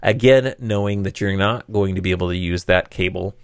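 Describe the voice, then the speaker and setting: A man's voice: deep voice, a little fast, smooth, no room sound, studio quality. A man hosting a tech talk show, explaining cables conversationally with wry, sarcastic asides and frequent fillers.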